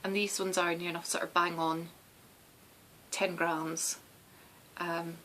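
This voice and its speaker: A woman's voice: on the low side, level tone, slow pace, pushed and bright, slight background noise, rough recording. A Scottish woman hosting a knitting podcast, chatting casually and meandering with lots of restarts and ums. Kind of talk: casual chat.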